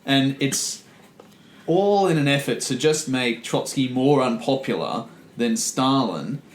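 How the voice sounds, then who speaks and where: A man's voice: mid-range voice, expressive, measured pace, echoey room, a little hiss or hum, rough recording. A man co-hosting a history podcast, explaining events in casual chat. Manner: explanatory, with fillers and restarts. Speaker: podcast co-host.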